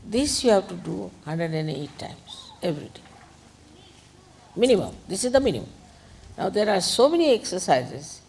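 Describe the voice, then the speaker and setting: A woman's voice: medium pitch, very animated, moderate pace, creaky, darkish tone, breathy edge. An older woman giving an informal spiritual talk, conversational and admonishing, with frequent asides. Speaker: spiritual teacher.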